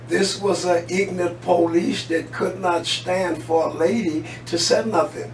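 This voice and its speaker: A man's voice: high-pitched, steady tone, unhurried, few pauses. A man co-hosting a talk radio show, delivering heated, preachy commentary and swearing freely. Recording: roomy, distant mic with faint hum.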